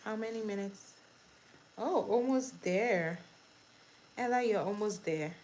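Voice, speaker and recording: This livestream host has a medium-pitched, somewhat mellow voice, and the rough recording carries a bit of hiss or hum. Doing her makeup as she runs a relaxed trivia game, she speaks slowly, repeats every question, welcomes viewers, and laughs readily.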